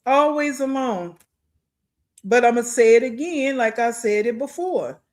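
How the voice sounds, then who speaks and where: A woman hosts a reaction commentary, blunt and incredulous as she scolds. Her voice sits a little high and is plainly recorded. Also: animated, unhurried, a little mellow. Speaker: commentary host.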